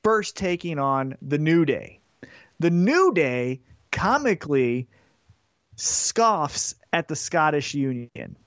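A man's voice: fairly high pitch, big pitch swings, slow, fairly bright tone, dry recording, studio quality. A man co-hosting a podcast, telling a story in casual chat and acting out the quotes in put-on voices. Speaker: podcast co-host. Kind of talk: casual chat recapping wrestling.

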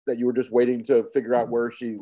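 A man's voice: mid-range voice, flat delivery, fast, mellow. A man hosting a conversational interview in a jokey manner, laughing easily as he asks questions. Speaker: interviewer, podcast host.

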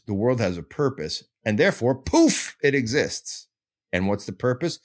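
Lively, playful male podcast host. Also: mid-range voice. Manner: playful, makes goofy sound effects; digressive, self-mocking. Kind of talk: casual teaching monologue.

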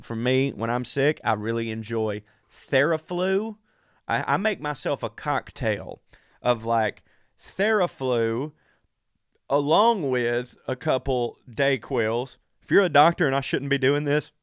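A man's voice: mid-range voice, fairly bright tone, no echo, studio quality. A man from the American South, sick and a little out of breath, hosting a crude, rambling, self-deprecating comedic monologue. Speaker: podcast host.

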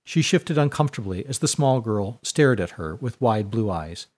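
A man narrating a storybook chapter in a measured, expressive reading. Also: lowish voice.

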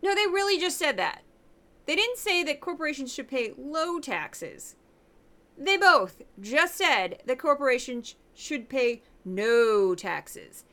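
A middle-aged woman from St. Louis hosts a news commentary podcast. Her voice sits a little high and rings bright. She talks in a sarcastic, animated way, mocking what she has just played. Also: slow. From Midwest, St. Louis. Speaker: podcast host. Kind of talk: opinionated commentary on news clips.

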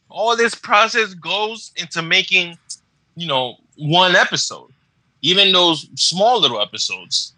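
A man's voice: fairly high pitch, sharp tone, dry recording, poor audio. A man co-hosting a podcast, chatting casually in slangy speech. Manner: laid-back storytelling with slang and cursing. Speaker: podcast co-host.

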